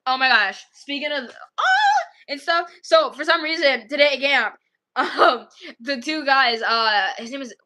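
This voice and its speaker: A woman with a high, pushed, bright voice chats casually with her viewers at a measured pace. She rambles through stories packed with fillers and giggles often.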